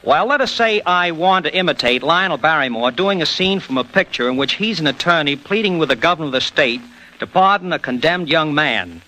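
Radio mimic guest, bright, lively and joking, vintage interview sound. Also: male voice, fairly high pitch, a little fast, a little hiss or hum, rough recording. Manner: jokey, explanatory.

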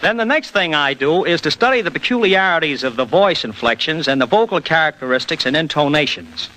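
Radio mimic guest, bright, lively and joking, vintage interview sound. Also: male voice, a little high, fairly quick, low-quality recording. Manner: jokey, explanatory.

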